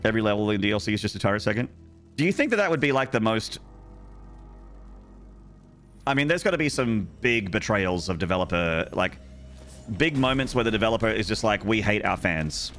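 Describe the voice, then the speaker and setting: A man's voice: lowish voice, lively intonation, a little fast, long pauses, a bit bright, faint music behind. A young man streaming a game, chatting casually and joking with his viewers in a rambling way. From Australia. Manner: rambling, joking, talks to chat. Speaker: gaming streamer. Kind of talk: casual live-stream chat.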